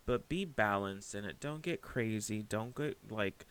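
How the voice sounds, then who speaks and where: A man's voice: on the low side, measured pace, a bit bright, smooth. A man giving a spiritual tarot reading, emotional and close to tears, who keeps breaking off mid-sentence to compose himself. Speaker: tarot reader.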